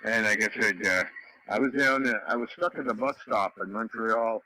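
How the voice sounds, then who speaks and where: A man's voice: fairly low pitch, normal speed, pushed and bright, no room sound, rough recording. A man from Canada telling rambling stories in a casual chat over a radio net, full of fillers and restarts. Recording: radio audio with faint noise.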